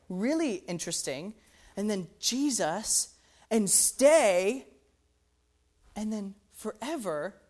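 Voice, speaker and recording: Chatty woman teaching music analysis. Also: a little high. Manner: conversational, with rhetorical "right?" checks; often muses "interesting". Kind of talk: explaining a hymn's melody.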